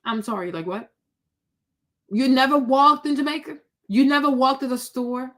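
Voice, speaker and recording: A woman's voice: sits high, normal speed, fairly bright tone. A woman giving blunt, sassy reaction commentary, scolding someone with pointed rhetorical questions. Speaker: commentary vlogger.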